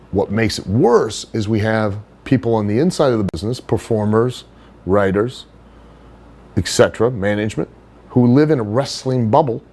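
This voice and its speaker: Low-voiced man telling wrestling stories. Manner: animated storyteller, does high put-on voices for others. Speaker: wrestler being interviewed. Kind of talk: casual storytelling interview.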